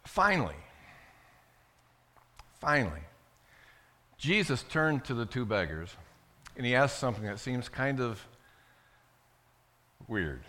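A man preaching a sermon, retelling a Bible story with dramatic swings between loud and hushed delivery. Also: medium pitch, big pitch swings, slow pace, long pauses.

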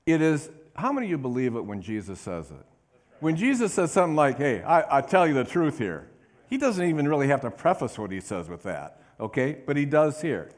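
A man preaching a sermon in a fairly high voice. He checks in with his listeners, asking for amens and answers. When he reads scripture he leans on the words for emphasis. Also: big pitch swings, brisk. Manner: call-and-response preaching, asks congregation for amens. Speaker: pastor.

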